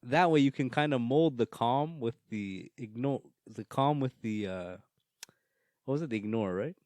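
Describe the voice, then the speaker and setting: A man's voice: mid-range voice, expressive, moderate pace, a little mellow, dry recording. Laughing man giving dating advice. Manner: laughs often, gives advice to other men in a joking way. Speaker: podcast co-host. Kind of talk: casual chat.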